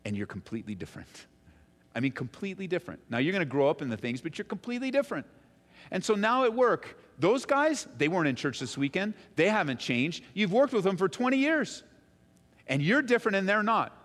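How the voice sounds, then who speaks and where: A man preaching a sermon, animated and quick in his stories, softer and lower when reading scripture aloud. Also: long reverb tail. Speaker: pastor.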